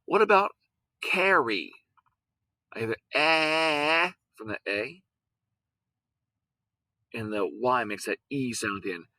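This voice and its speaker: A man teaching a lesson at an unhurried pace, repeating words and breaking them into sounds. His voice is bright and forward. The recording is dry and close. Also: medium pitch, lively intonation, no room sound, low-quality recording. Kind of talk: recorded classroom lesson on syllables.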